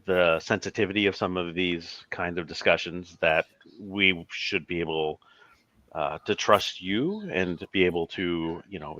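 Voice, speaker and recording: A man's voice: low voice, bright, forceful tone, no echo, lo-fi sound. A man playing his character in a tabletop game, speaking formally and narrating his own actions. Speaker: player. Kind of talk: in-character tabletop role-play.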